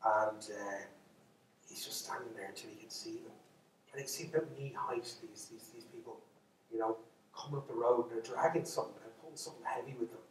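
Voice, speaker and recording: A man's voice: medium pitch, quick pace, distant mic, a little hiss or hum. An Irish man spins a folk tale for a live crowd, breaking off for chatty asides. His voice rings through a big echoey hall, picked up from some way off the mic. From Ireland. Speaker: storyteller.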